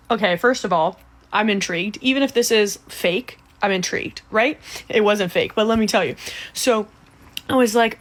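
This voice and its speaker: A young woman telling a story in a casual, animated, profane way, acting out the other people's voices. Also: medium pitch, moderate pace.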